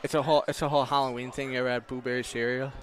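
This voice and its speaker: A man's voice: mid-range voice, flat delivery, racing. A man doing color commentary in a ballpark booth, laid-back and throwing in playful asides. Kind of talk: joking baseball color commentary. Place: outdoor ballpark broadcast booth.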